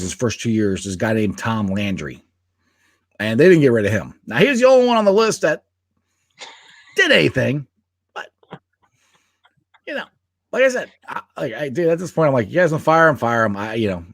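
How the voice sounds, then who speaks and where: A man co-hosting a casual sports podcast, talking in an animated way, laughing often and restarting his sentences. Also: medium pitch, no echo, studio quality. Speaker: podcast co-host.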